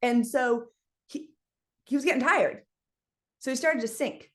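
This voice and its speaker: A woman leading a team call, telling stories in an energetic, animated motivational style with quick asides. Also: high voice. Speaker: team leader speaking on a team call. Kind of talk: casual motivational talk with storytelling.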